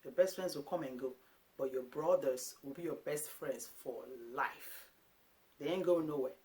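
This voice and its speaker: Woman in her thirties from Africa, parenting vlogger, casual and animated talk to camera, slips into quick impressions of herself and her kids. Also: deep voice. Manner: animated, acts out quotes of herself and her sons.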